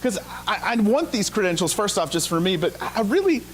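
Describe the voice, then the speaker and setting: A man's voice: high-pitched, sing-song, brisk, slight background noise. Casual, wry preacher man. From Ohio. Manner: casual, self-deprecating, sarcastic asides. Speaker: pastor. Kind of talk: conversational sermon with storytelling. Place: church sanctuary.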